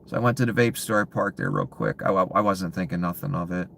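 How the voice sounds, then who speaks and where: A man in a bitter, profane ranting monologue, full of contempt and often sinking to low hushed muttering. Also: fast talker, vocal fry, slight background noise.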